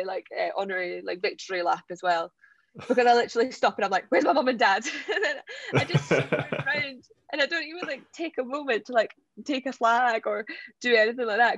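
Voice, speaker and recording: Excitable Scottish woman with gravelly edge. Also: medium pitch, dry recording, highs cut off. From Scottish Borders. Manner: excitable, laughs often, acts out quotes. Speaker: athlete guest. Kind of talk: animated storytelling interview.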